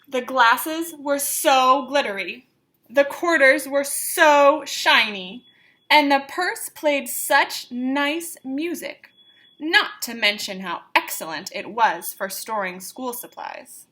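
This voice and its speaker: A woman teacher reading a picture book aloud to her students, expressive, stopping to teach words. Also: high voice. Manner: expressive, slow, pausing to teach vocabulary. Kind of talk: storybook read-aloud to students.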